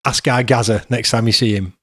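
A man's voice: medium pitch, steady tone, fairly quick, no room sound, clean studio sound. A middle-aged man, hosting a podcast and chatting casually with his son, laughing often. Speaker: podcast host.

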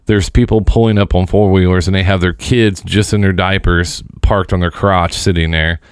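A man's voice: deep voice, steady tone, moderate pace, clear, resonant tone, no room sound. A man from Indiana telling stories in a casual chat, dry and matter-of-fact.

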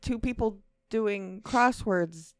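A woman's voice: medium pitch, slow pace, clean tone, no room sound, clean studio sound. A woman co-hosting a casual comedy podcast. She reads trivia aloud, laughs often and swears freely. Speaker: podcast co-host. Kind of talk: casual comedic chat reading from Wikipedia.

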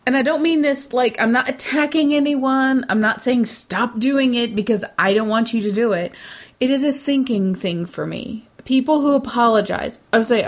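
A woman's voice: on the high side, normal speed. A woman, giving blunt, opinionated casual talk, swearing freely and acting out other people. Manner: blunt, swears, animated mimicry.

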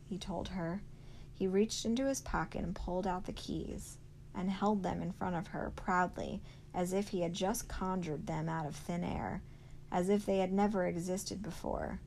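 A woman, a teacher, reading a novel aloud to her class in a steady storytelling manner. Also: fairly low pitch, a little slow, gravelly, a little hiss or hum, rough recording.

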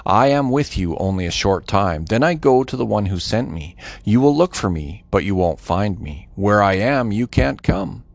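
A man voicing a calm, authoritative male teacher and prophet in a storybook reading, solemn and measured. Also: fairly low pitch, creaky, no room sound.

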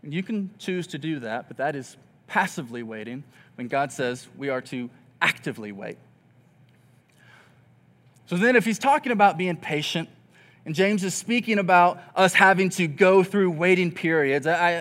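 A pastor with a notably high voice delivers a sermon in a relaxed, conversational way. He slips into the voices of grumbling people to make his point, and his delivery stays earnest and expressive throughout. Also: moderate pace.

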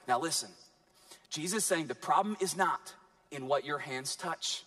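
High-voiced animated male preacher. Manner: animated preaching with dramatic pauses. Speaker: pastor. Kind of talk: sermon.

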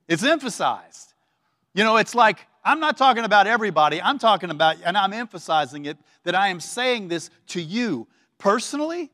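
A man's voice: a little high, fairly bright tone, dry recording, clean studio sound, long reverb tail. A pastor preaching a conversational sermon to his congregation, with many fillers and restarts, leading the room in call-and-response. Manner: casual, filler-laden, leads call-and-response. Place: church sanctuary.

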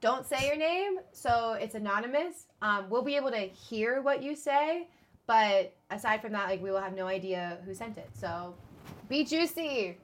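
A woman's voice: on the high side, lively intonation, normal speed. A woman co-hosting a podcast in casual chat, laughing often and filling with likes and ums. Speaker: podcast co-host.

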